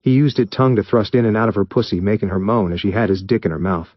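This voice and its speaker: A man reading fan fiction aloud in steady, even narration. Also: fairly low pitch, quick pace, no room sound, highs cut off. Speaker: story reader.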